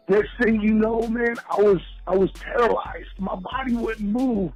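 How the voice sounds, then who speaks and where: A man's voice: high voice, moderate pace, few pauses, no echo, faint music behind, rough recording. A man telling rambling, profane stories in casual chat as a podcast guest. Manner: rambling, profane, animated storytelling.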